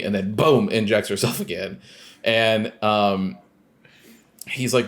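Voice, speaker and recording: A man's voice: fairly low pitch, fairly even intonation, measured pace. A man co-hosting a podcast, casually retelling a video game scene with lots of fillers and quoted lines. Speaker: podcast co-host. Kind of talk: casual chat recapping a game.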